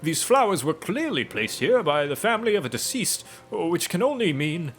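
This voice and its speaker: A man voicing a pompous gentleman inspector with flowery, formal diction, reading game dialogue aloud in character. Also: on the high side, sing-song, moderate pace, soft background music, voice pushed up. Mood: courtly. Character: pompous gentleman inspector, grandiose and self-assured.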